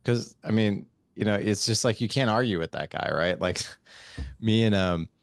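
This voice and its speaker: Podcast host, male, very low voice, dry close sound, chatty storyteller who laughs a lot. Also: moderate pace, dry recording. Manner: storytelling, laughs often, animated quotes. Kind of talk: casual interview conversation.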